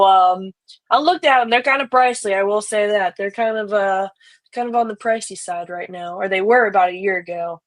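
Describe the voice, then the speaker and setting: A young woman speaking with a light Louisiana twang, relaxed and rambling with plenty of fillers. She chats easily as a podcast guest, her voice sitting at an ordinary mid pitch for a woman. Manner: laid-back, rambling with fillers. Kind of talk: casual chat.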